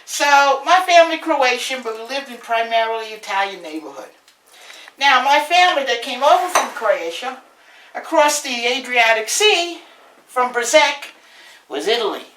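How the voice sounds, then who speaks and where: Big pitch swings mark this woman's somewhat high, slightly bright voice as she talks at a moderate pace. She's a home cook from Brooklyn with a New York accent, walking viewers through a demo in a chatty, brash, storytelling manner. Filmed indoors on a distant camera mic, her kitchen sounds echoey.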